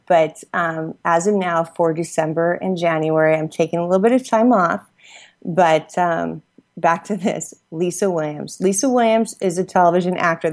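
Effusive woman host, slightly low voice. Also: a little mellow. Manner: effusive, laughing often, rambling with restarts. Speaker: podcast host. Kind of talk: casual gratitude shout-outs. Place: Los Angeles.

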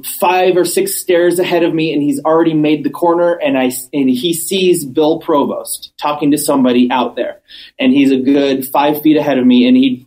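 A man chatting as a podcast guest, telling stories with animated, acted-out quotes and emphatic repetition. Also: fairly high pitch, poor audio. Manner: animated storyteller, acts out quotes; emphatic, repeats points. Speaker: cannabis business owner, guest. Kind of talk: casual interview chat.

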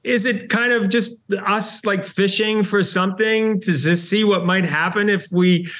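A man's voice: high-pitched, measured pace. A middle-aged man with a New Zealand accent, chatting animatedly as a guest on a podcast interview. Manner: chatty and animated, with many restarts and laughs. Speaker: show host, podcast guest.

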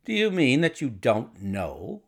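A man's voice: medium pitch, huge pitch swings, measured pace, exaggerated voice. A man voicing a cool detective who speaks in a clipped, stern way.

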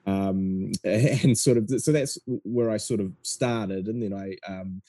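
A man's voice: on the low side, slow pace, no echo. A man in his thirties with a New Zealand accent, a filmmaker guest talking casually with hesitant fillers. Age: 30s. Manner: relaxed, hesitant with many fillers. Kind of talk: casual podcast chat.

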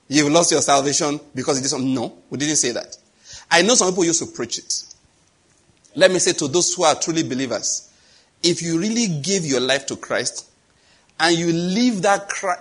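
A man's voice: fairly high pitch, fairly bright tone, breathy edge. A middle-aged man with a Nigerian accent preaching a sermon, telling stories, acting out the dialogue and laughing at his own jokes. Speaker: pastor.

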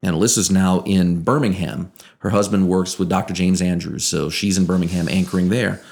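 Low gravelly-voiced man telling stories. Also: fairly quick. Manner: lively anecdotes, acting out quoted dialogue. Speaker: guest, former TV news producer now in radio. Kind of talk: casual interview storytelling.

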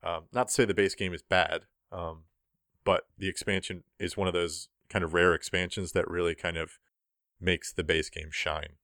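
A young man hosting a board game news podcast in casual chat, relaxed and rambling with lots of ums. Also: deep voice, normal speed, no echo, studio quality.

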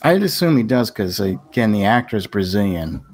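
Lower-voiced dude on a podcast, just chatting, straight to the point. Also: male voice, sing-song, normal speed, darkish tone. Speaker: podcast co-host. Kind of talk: casual chat.

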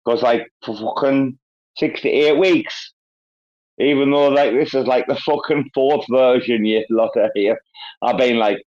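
An excitable man hosts a loose online voice chat, swearing freely and hyping up his guests. His voice sits at an average pitch. The audio comes through slightly dull and lo-fi. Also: a little slow. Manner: excitable, swears a lot, hypes people up. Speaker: host. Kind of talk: casual chat. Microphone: online audio call.

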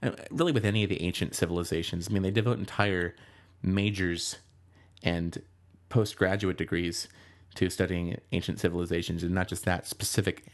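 A man's voice: deep voice, steady tone, brisk. A man co-hosting a podcast, talking casually and candidly, often restarting his sentences. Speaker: podcast co-host. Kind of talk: casual chat.

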